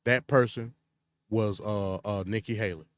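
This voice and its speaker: A man's voice: on the low side, fairly even intonation, a little slow. A man hosting a casual political commentary show, blunt and opinionated. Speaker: host.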